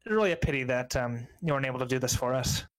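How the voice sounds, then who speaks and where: A man's voice: mid-range voice, rapid-fire, natural voice, poor audio. A man playing a cold old crime boss. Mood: coldly menacing. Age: 70s. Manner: calm, menacing, clipped. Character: cold older male crime boss with an eye implant.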